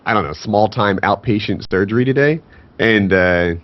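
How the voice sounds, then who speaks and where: A man's voice: lowish voice, moderate pace. A man chatting as a guest on a podcast, candid and joking, laughing often. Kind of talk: casual podcast chat. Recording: dull lo-fi voice call audio.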